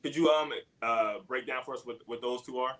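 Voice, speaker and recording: A man's voice: mid-range voice, a little fast, fairly bright tone, rough recording. A man hosting an interview show, asking questions in a hesitant, restarting way. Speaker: podcast host.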